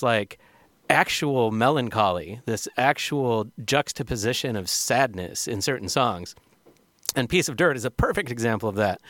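A man's voice: mid-range voice, fairly bright tone, no room sound. A man hosting a music show, talking casually and thoughtfully between songs with frequent ums and restarts.

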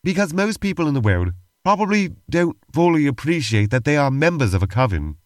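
A man's voice: fairly high pitch, big pitch swings, brisk, dry recording. A man co-hosting a podcast, dry and exasperated in playful banter. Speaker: podcast co-host. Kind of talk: playful role-play banter.

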